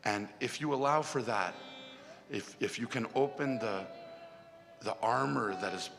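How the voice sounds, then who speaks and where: Gravelly-voiced man in an echoing hall. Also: medium pitch, a bit bright. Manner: heartfelt, tearful storytelling with long pauses. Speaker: speaker at a devotional music festival. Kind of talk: emotional spiritual talk with a first-person parable. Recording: long hall reverb with music behind.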